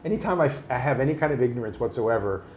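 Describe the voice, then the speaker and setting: A man's voice: mid-range voice, rapid-fire, echoey room, a little hiss or hum. A man casually telling stories, swearing freely and acting out other people's voices. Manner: animated, swears freely, acts out quoted voices. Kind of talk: casual storytelling.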